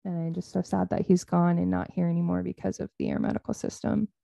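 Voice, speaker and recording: A woman's voice: fairly low pitch, sing-song, fast, mellow, dry recording. A young adult woman co-hosting a podcast, speaking heartfelt and gushing in casual chat, full of "like" fillers. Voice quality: heartfelt, lots of "like" fillers, vocal fry. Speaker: podcast co-host.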